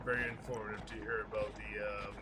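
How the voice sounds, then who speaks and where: A fast-talking man with a fairly low voice and little pitch movement is heard against a noisy background. He hosts a casual podcast, rambling profanely, laughing often, and acting out quotes.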